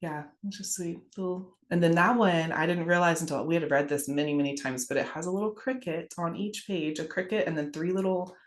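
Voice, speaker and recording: A low-pitched woman in her thirties chats casually about picture books, telling little stories and laughing easily. The room around her is echoey. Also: a little fast, few pauses. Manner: chatty, warm storytelling, laughs often. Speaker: guest. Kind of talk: casual podcast chat about children's books.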